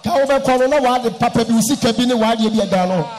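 Church leader, short probing questions, high-pitched man. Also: quick pace, a little mellow, faint music behind. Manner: brief, probing questions, mixing English with a local language.

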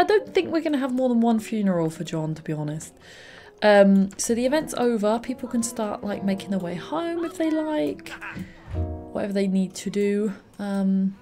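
A young woman with a mid-pitched voice gives chatty gameplay commentary and reacts aloud with quick laughs. Soft game music plays faintly behind her. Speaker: let's play host.

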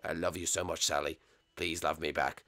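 Man doing a low gruff lovesick prison boss. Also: flat delivery, normal speed, pushed and bright. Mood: pleading. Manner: low, pleading, crooning.

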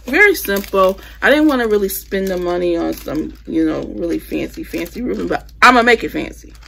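A woman's voice: medium pitch, animated, fairly quick, creaky, fairly bright tone, slight background noise. A woman chatting casually with her viewers as she shows off the holiday decor she bought, using phrasing like "y'all" and "I'ma". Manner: chatty, addresses viewers as "you guys". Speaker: home decor vlogger. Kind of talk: casual haul chat.

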